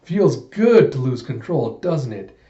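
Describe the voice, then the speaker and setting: Brief: man reading as a cocky cyborg fighter, theatrical and taunting, loud, in a roomy muffled room. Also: mid-range voice, very animated, slow.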